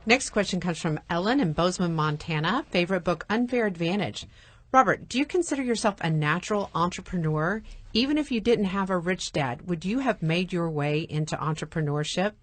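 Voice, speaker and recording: A woman on a radio show reading listener questions aloud in an even manner. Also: fairly low pitch, fairly quick.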